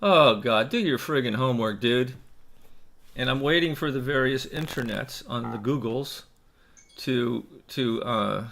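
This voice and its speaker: A man's voice: mid-range voice, unhurried, creaky, a bit bright, slight background noise. A man who is a stage actor, chatting in a casual vlog in a rambling, self-mocking way into a desk microphone.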